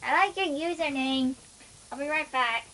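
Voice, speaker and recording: A woman's voice: high-pitched, normal speed, pushed and bright, a little hiss or hum, rough recording. A woman chatting casually with a co-streamer in a playful, hesitant way. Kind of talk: casual chat.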